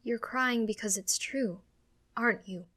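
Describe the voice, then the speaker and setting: A woman's voice: a little high, a little slow, fairly bright tone. A woman voicing an anxious, emotional young boy who talks in a pleading, tearful way. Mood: apologetic.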